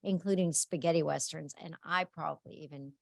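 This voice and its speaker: A woman with a low voice co-hosts a webinar. She chats playfully over a video call. The sound is dry and close to the mic. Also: steady tone, fairly quick, creaky, darkish tone, no echo. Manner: chatty and playful, teasing her colleague. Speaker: webinar co-host. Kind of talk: casual chat opening a webinar.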